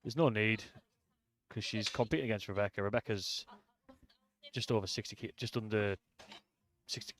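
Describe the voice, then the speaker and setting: A man in a low register commentates on a powerlifting meet. He talks casually with his co-host, restarting sentences and reading out attempts as they come up. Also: fairly even intonation, moderate pace, long pauses, a bit bright, a little hiss or hum. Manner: chatty, hesitant restarts, reads attempts off screen. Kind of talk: live sports commentary, casual chat.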